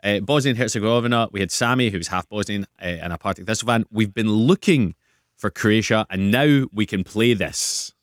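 A Scottish man hosting a radio show, chatting casually and joking as he tells stories quickly. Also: fairly low pitch, no echo, studio quality.

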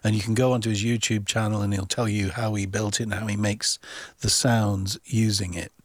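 A man's voice: lowish voice, level tone, a little fast, no echo. A man talking about music on a radio chat, knowledgeable and chatty, with an easy laugh. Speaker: music commentator.

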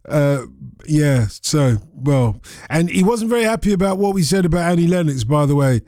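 A man's voice: on the high side, animated, a little slow, mellow, dry recording, studio quality. A man hosting a late-night radio phone-in, rambling and joking between listener messages. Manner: rambling, jokey, filler-heavy banter. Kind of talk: casual chat. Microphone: studio microphone.

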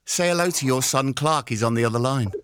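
A man hosting a radio show, chatting warmly on a call with a listener. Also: medium pitch, quick pace, clear, resonant tone, no echo, clean studio sound. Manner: lively, animated, puts on a Scottish woman's accent early on. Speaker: radio host. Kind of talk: prank call, casual chat. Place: radio studio.

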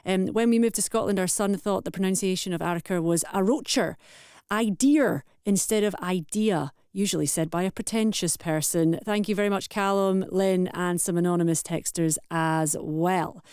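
A woman hosting a radio phone-in, brisk and friendly, reading out listener messages and trailing the next show. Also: on the low side, steady tone, darkish tone, clean tone, no echo, clean studio sound. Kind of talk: radio presenting.

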